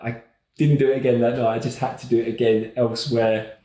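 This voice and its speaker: A man's voice: medium pitch, fast talker. A man, a children's TV presenter, telling a rambling, self-mocking story in a casual podcast chat. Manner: rambling, animated, self-mocking, laughs often. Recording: roomy echo.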